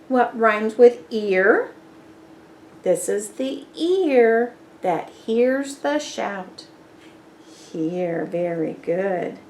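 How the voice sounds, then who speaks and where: A woman reading a picture book aloud to young children, pausing to ask which words rhyme and praising answers. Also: on the high side, animated, darkish tone, a little hiss or hum. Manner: patient, praising, asks questions. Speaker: storybook reader. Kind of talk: children's read-aloud with rhyming quiz.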